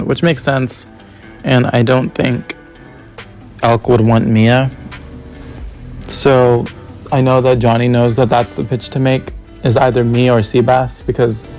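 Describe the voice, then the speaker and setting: A young man with a lot of vocal fry rambles through his plans in a confessional video diary. He sounds annoyed, thinks out loud, and swears casually. Faint music sits behind his voice. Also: medium pitch. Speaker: contestant.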